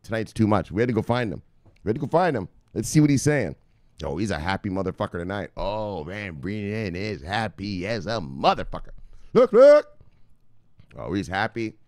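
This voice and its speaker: A man's voice: on the low side, expressive, brisk, dry recording, clean studio sound. Rambling, profane male crypto vlogger. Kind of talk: casual chat to viewers.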